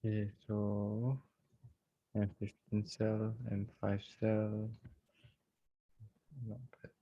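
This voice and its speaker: A man's voice: lowish voice, completely flat delivery, drawn-out words, dull audio. A man hosting a casual live online trading class from home over a video call, chatty and joking, laughing often.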